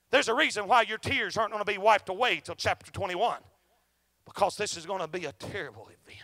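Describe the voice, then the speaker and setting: A man preaching a fervent revival sermon for an online audience, swinging between shouted outbursts and hushed, low passages. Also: no room sound.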